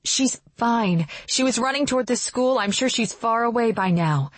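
A woman's voice: a little high, lively intonation, normal speed, no room sound. A woman voicing a strained, muttering witch. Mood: dry. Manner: muttering through gritted teeth. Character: strained young witch fighting, tart.

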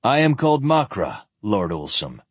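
Man doing a calm, wry knight. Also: lowish voice, normal speed, breathy edge, no room sound. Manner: quiet, polite, mildly ironic.

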